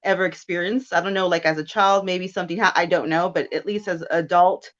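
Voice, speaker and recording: A woman in her thirties telling a personal story in casual chat, animated and quick to laugh as she acts out her own thoughts. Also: fairly low pitch, muffled recording. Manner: chatty and animated, with laughs and self-quotes. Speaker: guest.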